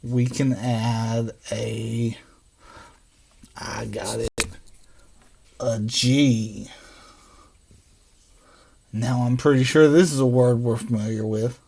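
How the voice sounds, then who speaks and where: A man teaching a phonics lesson for children, sounding out letters slowly and patiently. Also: medium pitch, steady tone, gravelly, mellow, a little hiss or hum. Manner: slow, drawn-out sounding out of letters.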